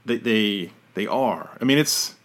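Low-voiced man rambling casually. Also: lively intonation, unhurried, fairly bright tone. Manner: rambling, self-correcting, trails off. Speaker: podcast host. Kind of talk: casual chat.

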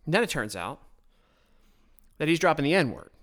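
A man's voice: on the high side, sing-song, normal speed, a bit bright. A man hosting a podcast, delivering a blunt, sarcastic political monologue into his own microphone, often stumbling and restarting his sentences. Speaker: podcast host.

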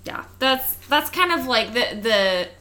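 A woman's voice: a little high, animated, a little slow, bright, forceful tone. A woman co-hosting a casual podcast, chatty and leaning on "like", with frequent laughter. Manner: chatty, heavy use of "like", laughs often. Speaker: podcast co-host. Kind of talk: casual chat.

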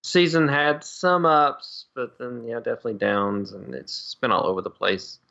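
A man co-hosting a casual podcast, quick and opinionated, laughing often. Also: mid-range voice, gravelly, pushed and bright. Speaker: podcast co-host. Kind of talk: casual chat. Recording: slightly dull, lo-fi sound.

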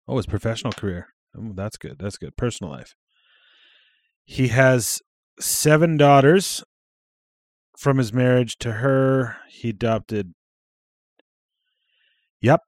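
A man's voice: on the low side, no room sound, clean studio sound. Casual, swearing podcast man. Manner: casual, swears freely, trails off mid-thought. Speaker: podcast co-host. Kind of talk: casual chat.

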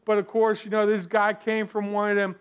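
A man's voice: sits high, completely flat delivery, a little fast, clear, resonant tone. A man preaching a sermon as pastor, conversational, with restarts and asides to the congregation.

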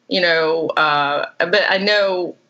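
A woman's voice: fairly low pitch, slow, sharp tone. A woman author with a Southern US accent, chatting loosely and animatedly as a podcast guest. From Florida. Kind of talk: casual interview chat. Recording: muffled lo-fi podcast audio.

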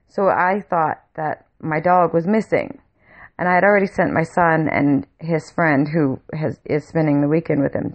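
A woman's voice: sits low, muffled recording. A woman vlogger casually telling a story to camera, rambling with frequent restarts and swearing bluntly.

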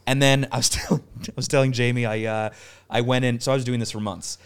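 A man's voice: mid-range voice, steady tone, fast, smooth. A man from Canada, a comedian guest on a podcast, telling stories in casual chat, swearing freely and laughing through them.

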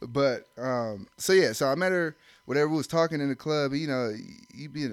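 A man's voice: mid-range voice, animated, fairly quick, few pauses, no echo. A young man in casual chat, telling a loose, slangy story with plenty of profanity. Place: indoor room.

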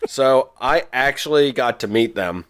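A man's voice: mid-range voice, lively intonation, a little slow. A man, a podcast host, telling a long rambling story in casual chat and laughing often.

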